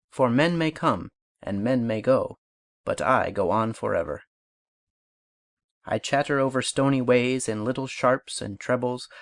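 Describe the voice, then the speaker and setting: A man reading an audiobook aloud, reciting verse and instructions in a measured, unhurried way. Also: mid-range voice, dry recording, clean studio sound. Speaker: audiobook reader. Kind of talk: scripted audiobook narration.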